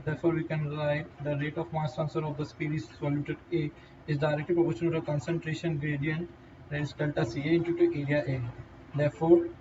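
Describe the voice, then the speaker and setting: Indian man lecturing from a distant mic. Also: a little high. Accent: Indian English. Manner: halting, with fillers and restarts. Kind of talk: whiteboard lecture. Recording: distant, dull lo-fi mic with faint noise.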